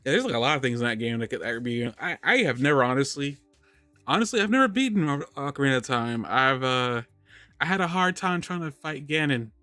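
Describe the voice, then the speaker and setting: A man's voice: medium pitch, expressive, brisk, bright, forceful tone, no room sound, soft background music. A man hosting a live podcast, chatting casually and rambling, restarting his sentences and laughing often. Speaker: podcast host. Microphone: studio microphone on a live stream.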